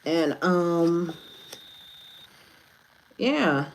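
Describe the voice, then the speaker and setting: A woman with a low-pitched voice gives a casual spiritual reading to her audience. She rambles from thought to thought, swearing offhandedly and laughing at her own humor. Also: expressive, extremely slow, a little hiss or hum, poor audio. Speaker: spiritual advisor, tarot reader.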